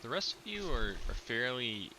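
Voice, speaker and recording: A man narrating a tabletop game as game master, relaxed and full of ums and uhs. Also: medium pitch, normal speed, noisy background.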